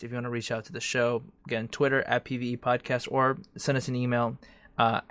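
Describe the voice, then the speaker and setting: A man's voice: medium pitch, fairly bright tone, dry recording. A young man co-hosting a podcast, chatting casually, joking and swearing freely. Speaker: podcast co-host. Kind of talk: casual chat.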